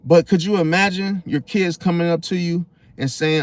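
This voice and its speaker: Male host, casual preachy monologue, fairly high voice. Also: fairly even intonation, moderate pace, hardly any pauses, no echo, studio quality. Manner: preachy, repeats "see?" and "bro", acts out quoted apologies. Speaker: astrology channel host.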